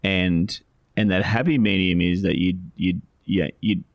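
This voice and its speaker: A man's voice: low-pitched, fairly even intonation, a little slow, no room sound. A man, co-hosting a podcast in a loose, rambling chat full of restarts and fillers. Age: 40s. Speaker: co-host, financial adviser.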